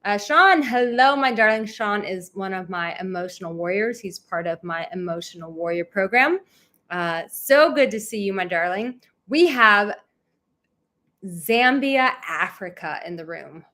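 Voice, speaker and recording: Her voice is fairly low and sharp-toned, and she speaks a little slowly. She's a dating coach addressing her livestream audience directly, pouring out emotional, effusive thanks.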